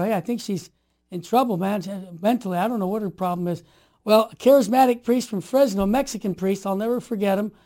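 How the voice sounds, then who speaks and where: Emphatic man in his sixties, mellow voice. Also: very high voice. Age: 60s. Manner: emphatic, animated, rising to forceful declarations. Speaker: guest. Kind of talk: impassioned conversational storytelling.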